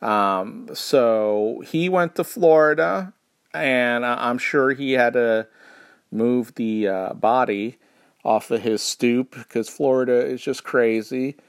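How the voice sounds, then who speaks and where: A man from New York hosting a podcast, delivering a rambling comedic monologue with a sardonic edge, halting often with fillers. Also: mid-range voice, clear, resonant tone, dry recording, clean studio sound. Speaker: podcast host.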